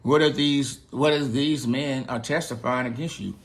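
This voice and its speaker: Bible story: man doing a stern, formal high priest, a touch lower and quieter. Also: steady tone, normal speed, lightly acted. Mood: demanding. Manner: demanding, formal.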